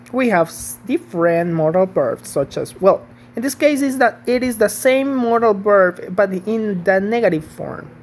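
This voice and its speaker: A woman's voice: mid-range voice, a little hiss or hum. Woman teaching English grammar. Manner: patient, checks in with "okay?" and "right?". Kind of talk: online grammar lesson.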